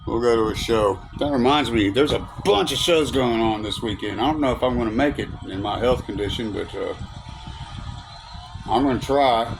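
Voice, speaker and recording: A man's voice: medium pitch, noisy background. A man with a Southern US accent, chatting to viewers in a loose, rambling way with lots of fillers. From Southern United States. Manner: chatty and rambling, with many fillers and a relaxed drawl. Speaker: vlogger. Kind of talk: casual rambling chat to viewers.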